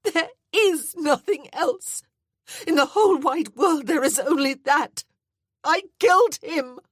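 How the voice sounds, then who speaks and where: A woman's voice: on the high side, measured pace, slightly rough, dry recording, studio quality, pitched above the performer's own voice. A woman voicing a grief-stricken young widow in tearful, wailing outbursts. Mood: anguished.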